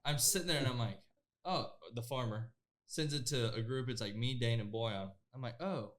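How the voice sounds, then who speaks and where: A man co-hosting a podcast in casual chat, telling stories and dropping quick jokes. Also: mid-range voice, fairly bright tone. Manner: joking, quick quips.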